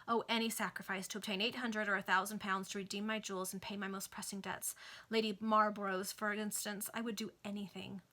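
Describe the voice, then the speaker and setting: A woman's voice: mid-range voice, little pitch movement, brisk, sharp tone, lightly acted. A woman voicing a proud, impatient aristocratic lady in a Victorian novel read aloud, pleading and emphatic.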